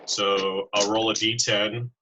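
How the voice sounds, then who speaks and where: A man's voice: fairly low pitch, level tone, takes it slowly, pushed and bright, a little hiss or hum, low-quality recording. A man playing a tabletop game, casual and joking with the table. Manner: joking, often laughs.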